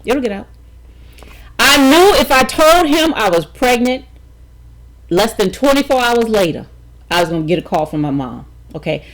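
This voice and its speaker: A woman's voice: a little high, very animated, normal speed, pauses often, poor audio. A middle-aged woman vlogging a personal story, emphatic and talking straight to her viewers with frequent check-ins.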